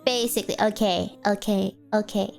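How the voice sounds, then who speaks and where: A woman streamer with a sore throat chats casually with her chat, her mid-range voice steady, a bit mellow, and at a moderate pace. She's playful and giggly, laughing often and asking lots of questions, with faint music in the background.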